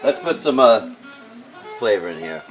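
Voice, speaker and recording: Casting: male home-cook host, joking, loud catchphrases, clear music underneath. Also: on the low side, sing-song, unhurried, rough recording. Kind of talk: casual live cooking show. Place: home kitchen with pan sizzling.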